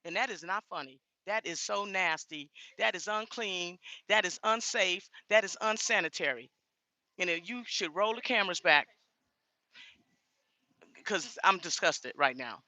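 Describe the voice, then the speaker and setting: A woman's voice: mid-range voice, moderate pace, sharp tone, no echo. A woman talking straight to her viewers in a casual vlog, blunt and indignant. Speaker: vlogger.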